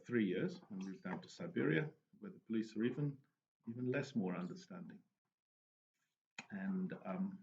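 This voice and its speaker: A man telling anecdotes and giving advice in a relaxed, casual monologue, often restarting his sentences. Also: fairly low pitch. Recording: dull lo-fi recording with faint noise.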